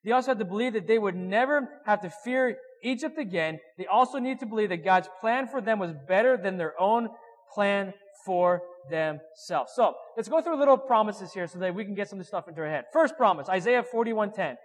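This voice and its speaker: A man preaching a sermon, animated, acting out whiny voices with sudden loud and soft turns. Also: high voice, brisk, in a large hall, poor audio.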